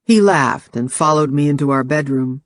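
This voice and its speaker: A man reading a first-person novel aloud as audiobook narration, in a measured, steady storytelling manner on a close studio mic. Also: fairly high pitch, no room sound.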